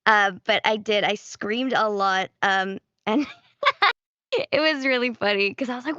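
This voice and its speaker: A woman voice actor in a casual interview, giggly and animated. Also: mid-range voice, unhurried, smooth, dry recording, highs cut off. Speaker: voice actor guest.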